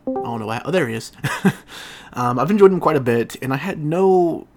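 A man's voice: a little high, animated, a little fast, darkish tone, soft background music. A man hosting a casual podcast chat, loose and jokey, swearing freely. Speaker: podcast host.

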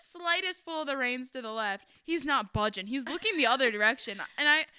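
High, bright-voiced excitable young woman. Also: fairly quick, smooth, dry recording, studio quality. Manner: excitable, jumps in, dense with "like". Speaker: podcast co-host. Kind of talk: casual storytelling chat.

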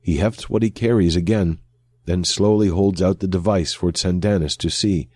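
A man reading a science fiction story aloud as narrator in a slow, even storytelling manner. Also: low-pitched, no room sound, clean studio sound. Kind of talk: scripted audiobook narration.

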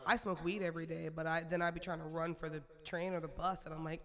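A woman's voice: deep voice, little pitch movement, quick pace, fairly bright tone. A woman co-hosting a podcast in a candid, chatty way, swearing freely. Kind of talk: casual chat.

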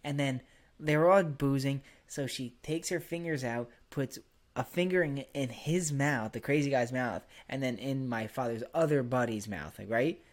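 A man's voice: medium pitch, normal speed. A young man hosting a podcast, telling crude, rambling stories and laughing often. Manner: crude, rambling storyteller who laughs a lot. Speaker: podcast host. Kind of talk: casual podcast chat.

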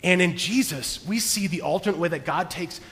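Earnest high-voiced pastor preaching in a hall. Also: male voice, normal speed. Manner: earnest, shifts from hushed to emphatic. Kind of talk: sermon. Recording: long reverb of a large hall.

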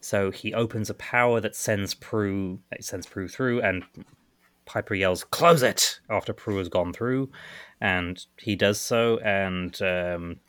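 Very low-voiced man in dry chat. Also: fairly even intonation, fairly bright tone, clear, resonant tone, no room sound. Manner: many affirming hums, halting restarts. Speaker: podcast co-host. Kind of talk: casual chat about a comic.

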